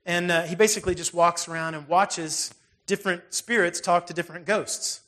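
A man with a notably high voice preaches a sermon in an easygoing, conversational manner. He talks plainly and earnestly, like a pastor speaking straight to his congregation. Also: steady tone, moderate pace, fairly bright tone.

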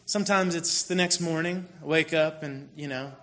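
A man with a high voice gives a sermon in an easygoing, chatty way. He tells a family story and now and then bursts into playful frustration. His voice stays high even when he drops low. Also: moderate pace. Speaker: pastor.

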